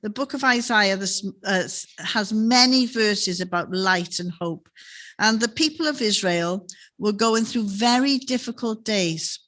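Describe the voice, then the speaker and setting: A woman's voice: medium pitch, a little slow, fairly bright tone. A woman giving a sermon in a chapel, telling stories in a conversational way and often ending on tag questions. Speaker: preacher.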